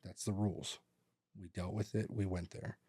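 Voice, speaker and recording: In a podcast studio with no echo, a man with a low, mellow, husky voice speaks at normal speed with flat delivery. As co-host, he chats casually, rambling through stories and acting out his relatives' lines.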